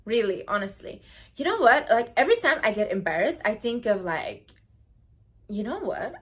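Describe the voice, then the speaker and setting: A young woman talks straight to her viewers about confidence in a casual, emphatic way, peppering her advice with fillers. Her voice sits a little high for a woman. She sounds chatty and insistent. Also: fairly bright tone. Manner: emphatic, chatty, full of "like" and "literally". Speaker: vlogger giving confidence advice. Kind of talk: casual advice talk to camera.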